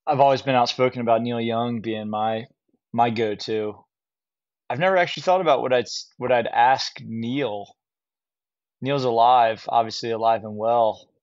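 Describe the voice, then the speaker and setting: A man's voice: medium pitch, moderate pace, no echo. A man who plays in a band, a guest in casual podcast chat, easygoing with dry jokes. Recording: dry, dull lo-fi sound.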